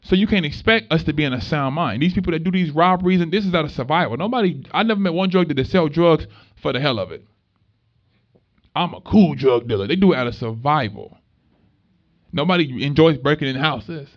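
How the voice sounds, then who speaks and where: A young man, a minister and activist, talking to an audience in an animated way and acting out voices as he tells stories. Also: on the high side, fast. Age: young adult. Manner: animated storytelling, acts out voices in dialogue. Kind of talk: conversational talk to an audience. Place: event space at a market. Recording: dull lo-fi recording.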